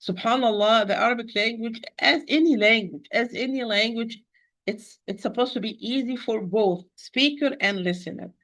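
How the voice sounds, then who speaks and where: A woman's voice: a little high, normal speed, a bit bright. A woman teaching Quran recitation, who works methodically through each sound, demonstrating syllables one at a time and patiently correcting common mistakes. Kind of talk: tajweed pronunciation lesson.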